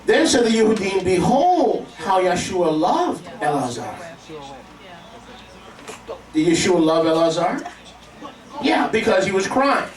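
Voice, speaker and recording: A man's voice: high-pitched, sing-song, slow pace, pauses often. A man preaching a sermon to a congregation, emphatic and calling for responses. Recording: echoey room, mic at a distance.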